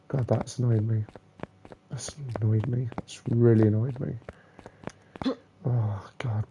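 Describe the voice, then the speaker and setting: A young man rants at a platform game while he plays, his voice dark and mellow even when angry. He swears constantly, slipping between loud complaints and low muttered curses. Faint noise sits under his gameplay commentary. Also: moderate pace, gravelly. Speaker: gamer playing a platform game.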